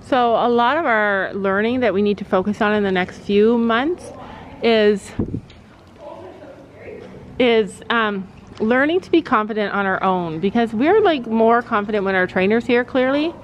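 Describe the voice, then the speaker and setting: A middle-aged mother hosts a casual family vlog at a riding arena, explaining her daughter's riding to the viewers in a chatty way. Her voice sits a bit high. The camera audio is dull, with a faint hiss underneath. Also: expressive, unhurried.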